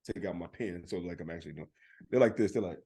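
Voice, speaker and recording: A man's voice: deep voice, fast, creaky, dark tone, breathy edge. A man co-hosting a podcast, telling a story in casual chat and acting out the other people's lines. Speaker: podcast co-host.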